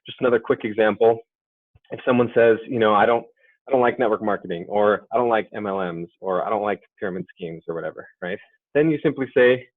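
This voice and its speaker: A man's voice: lowish voice, fast, dry recording. A man giving a sales training webinar in a conversational way, often checking in with "right?" and "okay?". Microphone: computer or headset mic on a webinar. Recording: dry, phone-like webinar audio.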